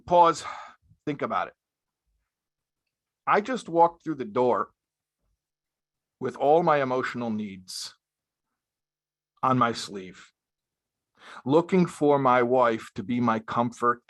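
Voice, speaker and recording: A man's voice: mid-range voice, animated, slow pace, pauses often, a bit bright. A man, a rabbi, giving a sermon-style talk to young married men, emphatic and repeating his key phrases, with Hebrew and Yiddish terms mixed in. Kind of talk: spoken sermon-style lecture.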